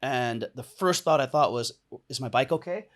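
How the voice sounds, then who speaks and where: Young man as podcast guest, lively storyteller who laughs a lot and acts out the voices of the people in his story. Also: mid-range voice, moderate pace. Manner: animated, laughs often, acts out quoted lines. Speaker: podcast guest, entrepreneur and coach. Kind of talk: casual storytelling interview.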